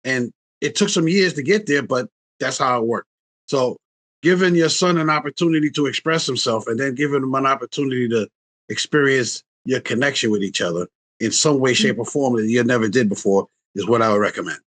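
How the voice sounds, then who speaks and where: A man's voice: mid-range voice, a little fast. A man in his sixties, a relationship coach, telling family stories in a casual interview and acting out quotes with a raised voice. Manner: animated, acts out quotes in a raised voice.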